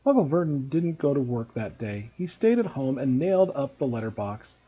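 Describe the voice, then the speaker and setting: A man, a teacher, reading a novel aloud to students in a steady, expressive way. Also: mid-range voice, moderate pace, breathy edge, muffled recording.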